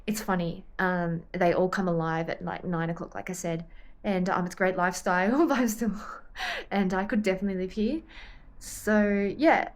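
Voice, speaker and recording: A young woman with an Australian accent talks casually to her camera, chatty and a little scattered. She drifts off topic and pulls herself back, at an everyday medium pitch. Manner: chatty, rambling, easily sidetracked. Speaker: vlogger and triathlete.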